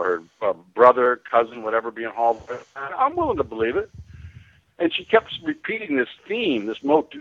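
A man's voice: on the high side, gravelly, a bit bright, dry recording, highs cut off. An American man calling in to a radio talk show, rambling with many restarts and fillers. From United States. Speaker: caller. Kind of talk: call-in radio rant.

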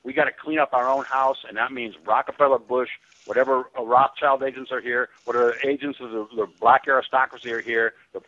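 A man's voice: mid-range voice, fairly even intonation, fairly quick, sharp tone, lo-fi sound. An American man calling in to a radio talk show, rambling with many restarts and fillers. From United States. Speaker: caller. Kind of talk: call-in radio rant.

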